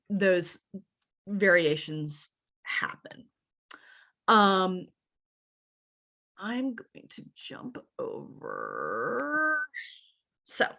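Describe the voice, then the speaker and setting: With a medium-pitched, slightly bright voice, this woman teaches genealogy in a relaxed, talkative way. She hails from Virginia's central Shenandoah Valley, hesitates as she speaks and spells names out one letter at a time.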